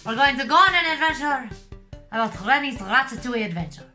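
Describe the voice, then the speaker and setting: Bright, playful woman host. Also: high-pitched, lively intonation, quick pace, faint music behind. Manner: playful and jokey. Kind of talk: casual panel chat.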